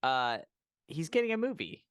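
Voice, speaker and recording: A man's voice: fairly high pitch, very animated, normal speed, fairly bright tone, clean tone, dry recording, clean studio sound. A man co-hosting a casual movie stream, reacting wryly and introducing a trailer. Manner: wry, reacts with short exclamations. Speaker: podcast co-host.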